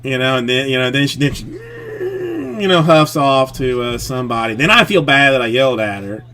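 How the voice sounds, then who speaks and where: A man's voice: mid-range voice, big pitch swings, moderate pace, sharp tone, slight background noise. A man hosting a live stream in casual chat, telling a family story in a rambling way, full of restarts and fillers.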